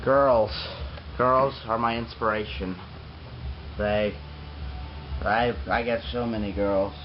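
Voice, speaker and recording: A man's voice: fairly low pitch, fairly even intonation, slow, dull audio, a little hiss or hum. A man playing a boastful, crude pro scooter rider in a mock interview comedy sketch, rambling and bragging.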